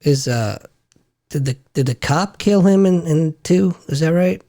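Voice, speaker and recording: A man's voice: fairly high pitch, measured pace, mellow. A man co-hosting a podcast, giving brief, laid-back replies in casual chat.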